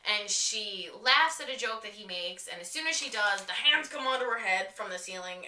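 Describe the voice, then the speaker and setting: A woman giving a casual, excitable TV episode review, full of slang and swearing, acting out the characters' lines. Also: fairly high pitch, fairly quick, hardly any pauses. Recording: roomy echo, mic a bit distant.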